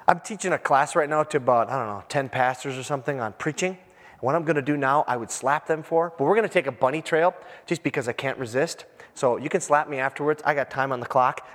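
A man preaching a sermon in a lively, animated way, acting out quotes and breaking into asides. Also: mid-range voice. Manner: animated, acts out quotes, self-interrupting asides. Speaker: pastor. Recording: long reverb of a large hall.

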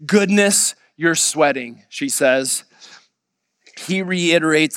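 A man pastor delivering a sermon, retelling a story and quoting others in a lively voice. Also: a little high, unhurried, clear, resonant tone, no room sound, in a large hall. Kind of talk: sermon with anecdote.

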